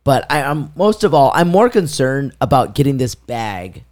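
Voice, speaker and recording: A man's voice: medium pitch, normal speed. A man co-hosting a casual podcast, animatedly telling a story and acting out the voices of people in it. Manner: animated, acts out quoted voices, laughs mid-story. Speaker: podcast co-host.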